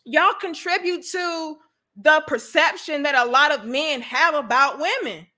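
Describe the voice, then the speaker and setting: Woman host, high and bright, talks animated and blunt, slangy live-stream chat. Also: unhurried. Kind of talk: casual live stream chat reading donations.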